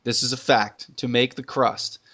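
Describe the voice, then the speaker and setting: A man's voice: medium pitch, fairly even intonation, moderate pace, pushed and bright. A man co-hosting a gaming podcast in casual chat, talking up things in eager detail. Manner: chatty, talks up food in eager detail. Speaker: podcast co-host.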